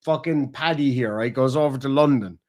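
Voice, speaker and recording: A young man rambles through stories in a relaxed chat with his partner. He swears freely and acts out what people said. His voice sits at an ordinary pitch. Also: brisk. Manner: swearing, rambling storytelling with acted quotes. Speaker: streamer host.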